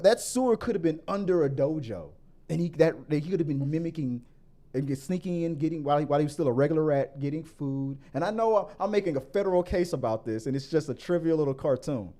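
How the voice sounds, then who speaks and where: A man hosting a casual movie review podcast, rambling with many restarts and getting more animated as he argues his point. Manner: grows animated and higher when arguing. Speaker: podcast host.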